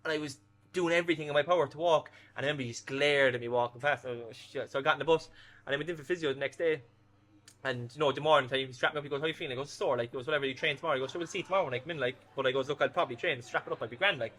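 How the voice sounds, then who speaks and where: A fast-talking man in his thirties recounts his playing days in a casual interview. His voice is bright and forceful, and he tells his anecdotes with lively energy and plenty of swearing. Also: a little high. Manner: animated anecdotes, swears freely. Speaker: former footballer guest.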